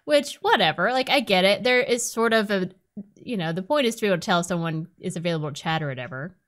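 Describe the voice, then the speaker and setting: A woman co-hosting a podcast in casual chat, blunt and profane, ranting with sudden jumps up in pitch. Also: expressive, quick pace, a bit bright. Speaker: podcast co-host.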